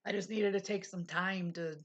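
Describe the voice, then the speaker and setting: With a mid-range, steady, slightly bright voice at a moderate pace, a middle-aged woman hosts a casual livestream, and the audio's highs are cut off. She talks openly with viewers and laughs often while recovering, low on energy.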